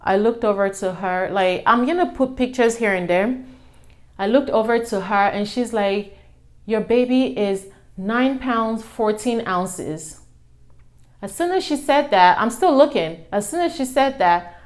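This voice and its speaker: A young adult woman casually telling her own story to her viewers, acting out what people said with a raised voice. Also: normal speed. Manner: animated, acts out quotes with raised pitch.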